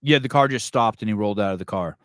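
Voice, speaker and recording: Low-voiced man telling a rambling story. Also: fast talker, no room sound, studio quality. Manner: rambling, storytelling with frequent restarts and fillers. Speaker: podcast host. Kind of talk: casual chat.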